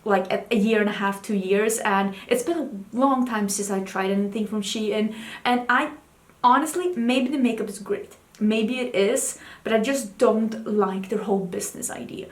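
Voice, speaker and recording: Chatty woman in an echoey room. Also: moderate pace. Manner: chatty, candid, talks to her cat in a high baby voice. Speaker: beauty vlogger. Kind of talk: casual chat.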